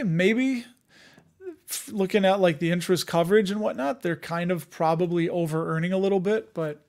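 Speaking in a fairly high voice with a darkish tone, this man runs a relaxed live stream about dividend investing. He talks with his viewers, makes self-deprecating jokes and works through his thoughts aloud, using lots of filler words.

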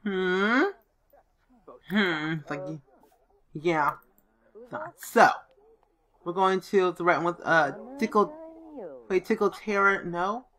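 Her voice on the low side and fairly bright, a let's play host moves slowly through a life-simulation game with frequent pauses. She reads choices aloud and playfully voices the characters while chatting casually.

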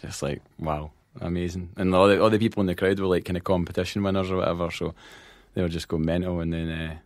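A Scottish man, a band manager and podcast guest, telling lively anecdotes in casual chat, acting out quotes and laughing often. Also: deep voice, fast talker, no echo.

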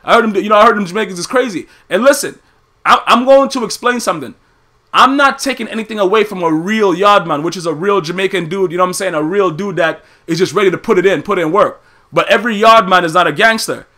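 High, bright-voiced man ranting. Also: quick pace. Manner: animated, repetitive, keeps saying "you know what I'm saying". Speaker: podcast host. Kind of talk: casual profane rant.

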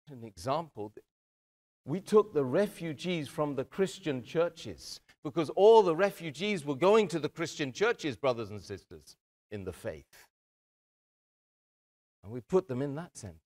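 A man giving an earnest talk to a community audience, often calling them brothers and sisters. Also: on the high side. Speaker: speaker addressing a community. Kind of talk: motivational talk.

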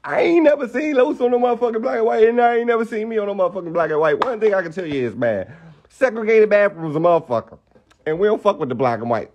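A young man rants on a live stream, heated and profane, hammering the same rhetorical questions over and over. His voice sits a bit high for a man. He talks into a phone. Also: lively intonation, quick pace, darkish tone, highs cut off. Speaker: livestreamer. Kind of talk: ranting live stream monologue.

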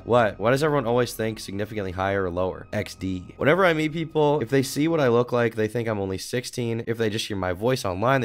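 A man doing casual reaction commentary, reading out messages with sarcastic, profane asides. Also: fairly low pitch. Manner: sarcastic, swears a lot, mocking asides.

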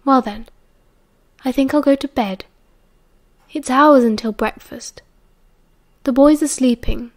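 Woman voicing a soft-spoken motherly older British woman. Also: high voice, takes it slowly, long pauses. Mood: gentle.

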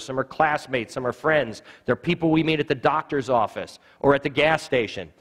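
A man teaching evangelism in a church, an animated storyteller who acts out the voices in his stories. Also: on the high side. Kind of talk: sermon-style teaching. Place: church sanctuary. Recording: reverberant church hall.

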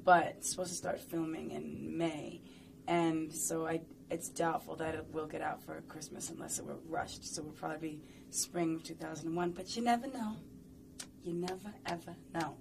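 A woman's voice: deep voice, level tone, normal speed, vocal fry, background noise. A woman talking casually and playfully in an interview, rambling and chatty with lots of fillers.

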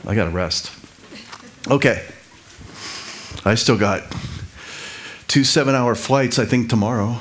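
Conversational middle-aged male preacher. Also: medium pitch. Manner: conversational, repeats himself, quick asides and laughs. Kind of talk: sermon teaching.

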